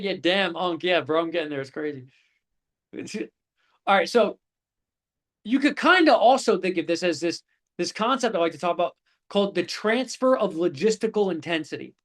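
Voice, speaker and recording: Man in his twenties, high voice, live online class, casual swearing, animated stories. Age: 20s. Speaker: course instructor.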